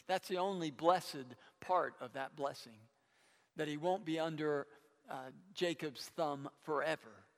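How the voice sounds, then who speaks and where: A man preaching a sermon, retelling a Bible story in a conversational way, with stammered restarts and animated quoting. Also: on the high side, unhurried, in a large hall.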